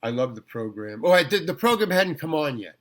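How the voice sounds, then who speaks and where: A man's voice: fairly high pitch, brisk. An older man from New York, a guest actor telling stories in a casual interview, rambling with restarts and acting out quotes. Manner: rambling, animated, full of restarts and acted-out quotes.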